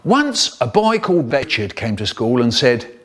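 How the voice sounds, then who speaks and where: An older man telling a funny school story in an animated, expressive way, acting out the voices and noises. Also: moderate pace. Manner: expressive, acts out voices and sounds, lively swings in pitch.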